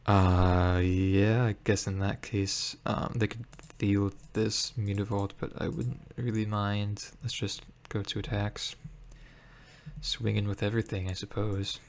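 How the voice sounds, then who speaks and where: A man giving casual commentary on his own card game, thinking aloud with many pauses and fillers. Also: lowish voice, little pitch movement. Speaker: gameplay streamer.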